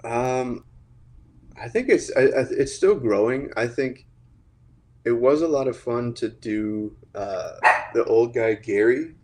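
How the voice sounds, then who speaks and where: A man's voice: mid-range voice, slow pace, darkish tone. An American man chatting as a guest, hesitant and filler-heavy, speaking from his home recording space. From United States. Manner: hesitant, lots of ums and likes. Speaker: guest, cartoon creator. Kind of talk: casual chat.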